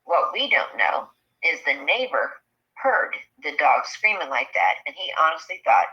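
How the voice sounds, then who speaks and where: A woman telling a personal encounter story in a halting, earnest way, full of fillers, on a dull lo-fi recording. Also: low voice, big pitch swings. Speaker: eyewitness sharing an encounter.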